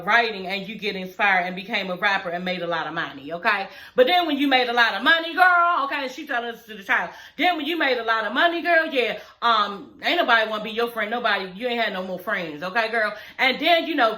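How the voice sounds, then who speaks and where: A woman's voice: mid-range voice, pushed and bright, roomy sound, rough recording. A young woman chatting casually to her viewers as she recaps a reality show, often calling them y'all. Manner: chatty, addresses viewers as y'all, frequent "you know what I'm saying".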